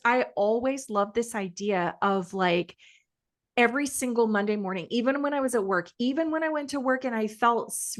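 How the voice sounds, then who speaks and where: A woman co-hosting a podcast, chatting casually and reflectively, with lots of agreeing replies. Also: a little high. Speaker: podcast co-host. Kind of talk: casual chat.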